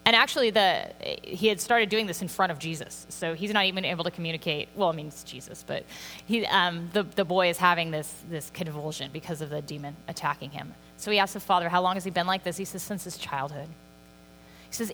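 A woman giving a sermon in a relaxed, conversational way, filling pauses with "like" and "um". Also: lowish voice. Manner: conversational, lots of "like" and "um". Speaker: preacher. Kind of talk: casual sermon. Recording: long hall reverb with faint mains hum.

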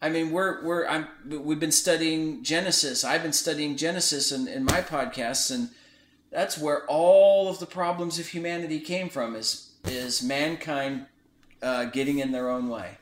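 A man's voice: fairly high pitch, a little slow, a little hiss or hum. A man hosting a podcast, telling a story in a casual chat and acting out the quoted lines. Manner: animated retelling, acts out quoted dialogue. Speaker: podcast host. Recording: echoey room.

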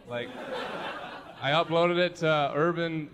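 A man's voice: fairly high pitch, normal speed, long pauses, heavy background noise. A man doing a rambling, self-mocking stand-up set, laughing as he goes. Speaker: stand-up comedian.

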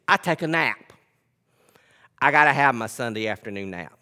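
A male pastor preaching a sermon. He swings between loud, emphatic scripture reading and quiet, conversational storytelling. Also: mid-range voice, animated, normal speed, long reverb tail. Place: church sanctuary.

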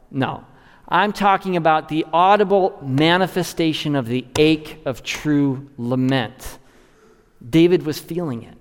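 Earnest preacher in an echoing hall. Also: male voice, clean tone. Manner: earnest, rising to stress and dropping low to close a thought. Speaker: pastor. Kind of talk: expository sermon.

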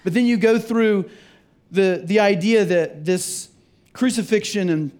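A man's voice: high voice, a little slow, darkish tone. A male pastor giving a conversational Easter sermon in a church, often restarting and repeating words as he goes. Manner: casual and rambling, with frequent restarts and repeated words. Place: church sanctuary.

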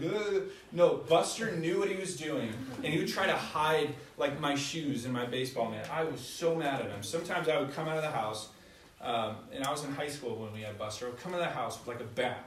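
A man's voice: on the high side, far from the mic. A young adult man preaching a conversational sermon, telling stories with self-deprecating humor. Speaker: pastor. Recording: echoey hall, voice from afar.

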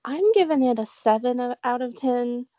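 A woman's voice: a little high, expressive, normal speed, no room sound, lo-fi sound. A woman with a Southern US accent co-hosting a casual film podcast, laughing often with dry humor. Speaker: podcast co-host. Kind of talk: casual film review chat.

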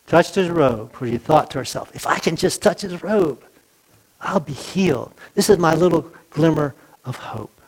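In a low-quality recording, a male pastor with a husky, slightly high voice gives a conversational sermon. He asks the congregation questions and acts out the quotes of the people in the story.

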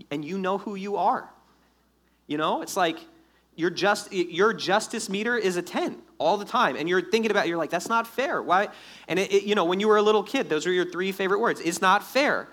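A man preaching a sermon in a lively, conversational way, acting out the quotes. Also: high-pitched, normal speed, breathy edge. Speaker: pastor.

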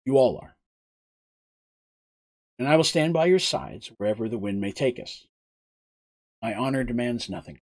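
A man's voice: medium pitch, animated, normal speed, long pauses, a little mellow, no room sound, voice pushed down, close to an everyday voice. A man voicing a young squire who is honorable and rule-bound, speaking solemnly and formally.

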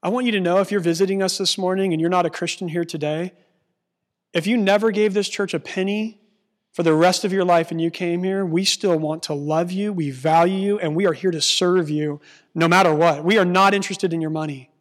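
A male pastor with a high-pitched voice preaches an earnest sermon. He reads scripture aloud and slows down to stress key words. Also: steady tone.

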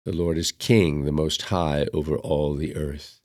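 Low-voiced guy reading mass readings, slow and solemn, dry close sound. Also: flat delivery, darkish tone, no room sound. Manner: measured, solemn recitation. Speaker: liturgical reader. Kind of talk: reading Mass prayers and scripture.

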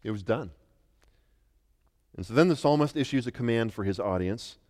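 A middle-aged man from the United States, a pastor preaching an emphatic sermon that moves between quiet and loud. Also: medium pitch, lively intonation, moderate pace. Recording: long reverb of a large hall.

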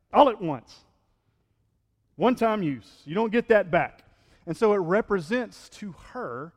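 A male pastor preaching a sermon in a relaxed, conversational way, often checking in with the congregation and acting out the quotes he reads. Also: high voice, in a large hall. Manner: conversational preaching, frequent "right?", acts out quotes.

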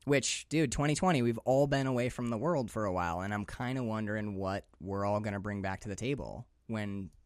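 A man's voice: fairly low pitch, a little fast, hardly any pauses, dry recording. A man riffing on a film in a podcast chat, his voice swinging through a wide range as he acts out lines and swears with gusto. The sound is dry and close, with no room around it. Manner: animated, swears freely, acts out characters' lines. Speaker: podcast co-host. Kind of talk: casual movie discussion.

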